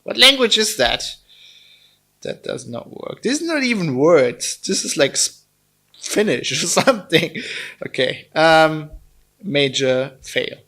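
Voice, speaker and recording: German-accented male tech reviewer, mid pitch, raspy fry, loose and blunt. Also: fairly bright tone. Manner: chatty and blunt, with many fillers and restarts. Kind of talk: casual product review.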